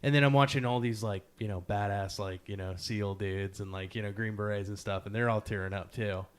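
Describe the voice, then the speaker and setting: A man with a fairly low voice shares stories as a podcast guest. He speaks casually, filling pauses with fillers and laughing at his own slip-ups. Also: clean tone. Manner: animated, laughs at himself, many fillers; slow, measured poetry reading. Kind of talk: casual storytelling interview.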